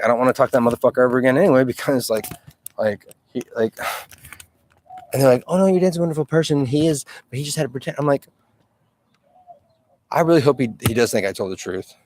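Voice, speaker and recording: A man talking through a rambling personal video diary, agitated and swearing, often quoting his own thoughts aloud. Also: medium pitch. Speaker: video journal keeper.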